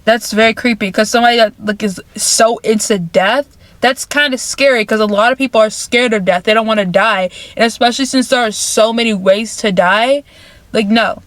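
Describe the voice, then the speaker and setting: A woman vlogger with a somewhat high voice recaps a movie plot casually, chatting loosely at a moderate pace. She repeats phrases and relies on filler words. The recording is dry and close.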